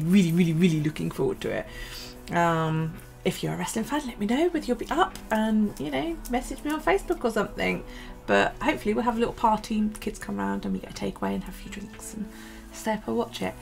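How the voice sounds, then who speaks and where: Gravelly, tired woman vlogger. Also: mid-range voice, animated, brisk, a little mellow, faint music behind. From United Kingdom. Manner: rambling, hesitant with many ums and restarts. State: tired, yawning. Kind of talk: casual chat over a journaling video.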